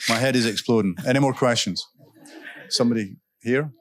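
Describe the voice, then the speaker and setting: A man, an author guest at a literary festival, telling anecdotes onstage and answering audience questions in a relaxed, chatty way with frequent ums and self-corrections. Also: medium pitch, a little fast, noisy background. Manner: laughs while telling stories. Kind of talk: casual onstage storytelling and Q&A. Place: stage at a live event.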